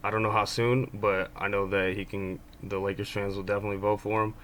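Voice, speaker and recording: A man's voice: on the low side, little pitch movement, fast, fairly bright tone, slight background noise. A man giving casual basketball commentary as a fan of his team, rambling with many ums and restarts. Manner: fan talking about his own team.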